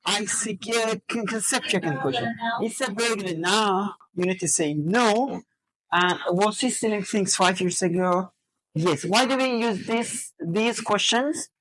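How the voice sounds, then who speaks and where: A woman's voice: medium pitch, a little slow, fairly bright tone, rough recording. A woman teacher trainer running a classroom lesson, drilling students with questions and counting out word stress. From Azerbaijan.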